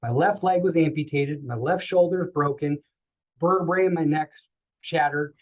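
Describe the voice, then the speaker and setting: A man tells a personal story on a podcast in a slightly high voice. He talks in an animated way, acting out the voices of the people he quotes. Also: normal speed, low-quality recording. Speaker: podcast guest.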